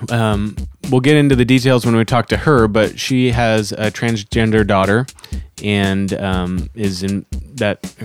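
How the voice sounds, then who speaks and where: A man co-hosting a casual podcast chat, easygoing and rambling with plenty of ums. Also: on the low side. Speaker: podcast co-host.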